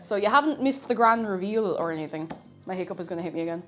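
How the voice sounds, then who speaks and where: A woman's voice: mid-range voice, quick pace, a bit bright, faint music behind. A woman with an Irish accent chatting casually on a live stream while cooking, reading chat aloud and laughing often. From Ireland.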